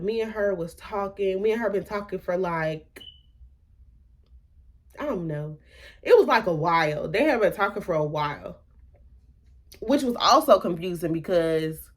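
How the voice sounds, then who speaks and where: Young woman, vlogger doing an animated storytime with acted-out quotes. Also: fairly low pitch. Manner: animated, acts out quotes with hushed asides. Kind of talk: storytime vlog.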